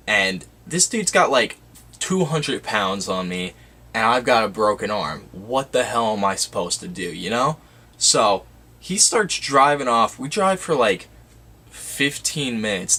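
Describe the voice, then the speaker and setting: A young man tells a wild story for his vlog, casual and dramatic, peppered with fillers. His voice sits low but comes across bright and forceful. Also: expressive, a little slow. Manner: casual, dramatic, full of "like" and "you know". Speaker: YouTuber.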